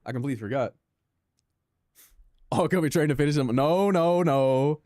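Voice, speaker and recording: On the high side and a little mellow, a young man's voice moves at a normal pace during a racing-game live stream. He rambles to viewers with self-deprecating sarcasm in casual chat. Clean studio sound, no room acoustics.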